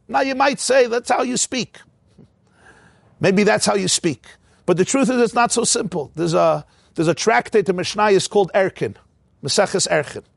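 A man leads a text-study lecture, raising a question and then working through the answer. His voice sits fairly high with a gravelly edge. The sound is close and dry. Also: no room sound. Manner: explains by posing rhetorical questions. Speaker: Torah teacher.

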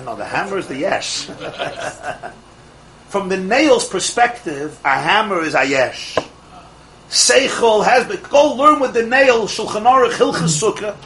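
A man teaching a Torah class to a live group of students, an animated storyteller who fires off rhetorical questions and laughs at his own jokes. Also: sits high, unhurried, slight background noise, low-quality recording. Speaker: religious teacher.

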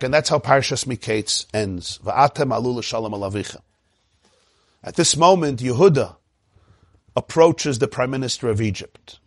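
Animated male Torah teacher, dry sound. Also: medium pitch, no echo. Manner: animated storyteller who repeats phrases for emphasis; quotes Hebrew verses, then translates them. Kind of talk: lecture retelling a biblical story.

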